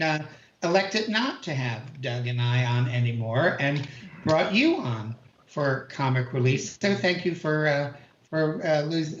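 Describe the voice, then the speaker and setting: A man's voice: on the high side, a little hiss or hum. Teasing male host, dull roomy sound. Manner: teasing, laughing interviewer. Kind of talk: casual chat on a live stream. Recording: roomy, dull video call audio.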